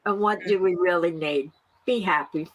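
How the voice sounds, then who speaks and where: In a rough recording, a middle-aged woman who farms in the US talks casually as an interview guest. Her voice is fairly low, her pace is slow, and laughter runs through her speech.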